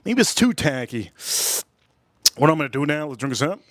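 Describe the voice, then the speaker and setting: A man's voice: fairly high pitch, very animated, slight background noise. Chatty man with a Miami accent. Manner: rambling, repetitive, drawn-out phrases. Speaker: whiskey reviewer and livestream host. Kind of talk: casual livestream chat.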